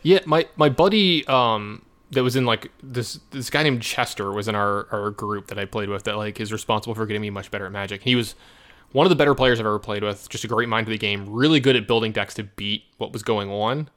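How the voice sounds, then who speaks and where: A man's voice: fairly low pitch, a little fast. A man chatting casually and telling stories, acting out quotes from others. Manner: animated storyteller, acts out quotes. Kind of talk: casual chat about card games.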